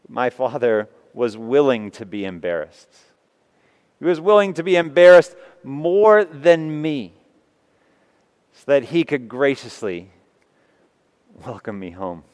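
A man preaching, retelling a story in the first person with earnest, emotional delivery and long pauses. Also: medium pitch, expressive, darkish tone, clear, resonant tone. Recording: long reverb of a large hall.

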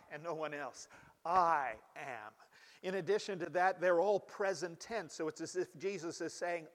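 Man, pastor, sermon, measured delivery, emphatic rises, slightly high voice, long hall reverb.

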